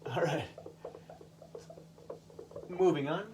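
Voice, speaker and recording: Slow, patient teacher man, slightly high voice. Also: a little mellow, slight background noise. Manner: slow, patient, repeats words for learners. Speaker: English language teacher. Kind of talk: classroom vocabulary lesson.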